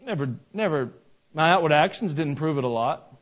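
A man's voice: a little high, expressive, brisk. A man preaching a sermon in a church, talking conversationally and adding joking asides. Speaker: pastor. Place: church sanctuary. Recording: dull lo-fi recording.

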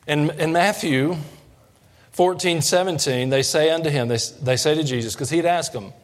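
A man preaching a sermon, folksy and questioning the congregation, building up in intensity. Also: normal speed. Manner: folksy, asks the congregation questions, rises in pitch and force when preaching. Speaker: pastor.

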